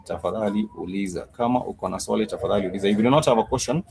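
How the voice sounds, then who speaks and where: A man teaching a live-streamed language lesson, patient and repetitive, with many pauses and "uh" fillers. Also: on the low side, darkish tone, a little hiss or hum, poor audio. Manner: patient, repetitive, says "uh" often. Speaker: Swahili teacher.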